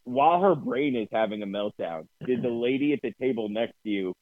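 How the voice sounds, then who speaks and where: Jersey-accented podcast co-host, profane ranting storyteller, tinny dry phone-like sound. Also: male voice, medium pitch, brisk, dry recording. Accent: New Jersey. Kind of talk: casual chat.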